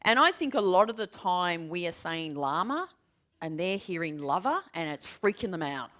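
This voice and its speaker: A woman's voice: fairly low pitch, normal speed. A woman in her forties giving a keynote presentation, telling stories with humour and driving her points home with emphatic repetition. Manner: lively, humorous storytelling with emphatic repetition. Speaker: keynote speaker. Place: large room with a live audience.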